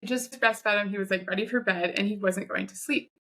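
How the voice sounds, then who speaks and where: A woman in her thirties, a podcast guest, telling her own story in a chatty, animated way. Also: medium pitch, a little fast. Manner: chatty, animated retelling with quoted asides. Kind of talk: conversational storytelling.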